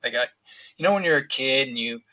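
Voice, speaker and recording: A man in his thirties talks openly on a podcast, loose and conversational, with lots of "you know" and "dude". His voice is bright and forceful. The recording is slightly dull and lo-fi. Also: medium pitch, animated, quick pace. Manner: candid, casual, says "you know" and "dude" a lot. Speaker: podcast guest. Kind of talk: emotional personal storytelling.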